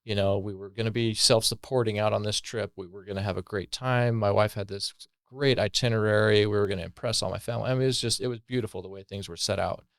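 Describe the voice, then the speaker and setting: A low-voiced man tells his recovery story on a podcast, earnest and thoughtful, often pausing on fillers. The sound is dry and close, with no room echo. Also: fairly even intonation, fairly bright tone. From Colorado, USA. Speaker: podcast guest. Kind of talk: personal recovery story, conversational.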